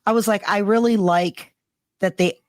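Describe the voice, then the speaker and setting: A woman's voice: mid-range voice, steady tone, normal speed, dry recording. A woman co-hosting a fan podcast in a mid-range voice. She talks in a chatty, blunt way. The sound is close and dry. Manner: chatty, blunt, laughing along. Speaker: podcast co-host. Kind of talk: casual chat.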